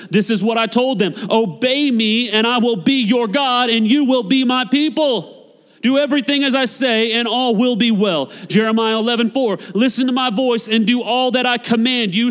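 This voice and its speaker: A man preaching a sermon as a pastor, passionate and swinging between loud appeals and hushed, quiet lines. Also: very high voice. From United States. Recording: long hall reverb.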